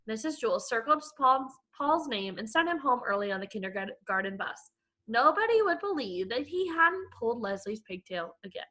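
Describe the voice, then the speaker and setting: A woman teacher reading a chapter book aloud to her class, with expressive storytelling. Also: fairly high pitch, normal speed.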